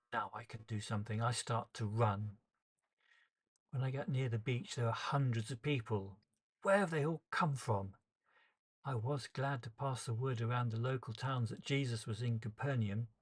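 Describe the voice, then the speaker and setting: Male storyteller, mid-pitched, earnest and emotional in a first-person dramatic monologue. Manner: earnest, emotional, shifts pace with the tension.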